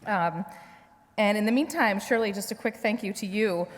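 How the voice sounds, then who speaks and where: A woman's voice: medium pitch, normal speed. A woman chairing an event, thanking the speakers and opening questions in a friendly way. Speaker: event host, committee chair. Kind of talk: hosting a Q&A. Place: event hall. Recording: echoey hall with audience, faint hiss.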